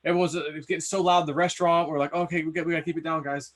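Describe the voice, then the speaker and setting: A male podcast host talks quickly in a relaxed, casual way. His voice sits a little high for a man, and he laughs along with his guest.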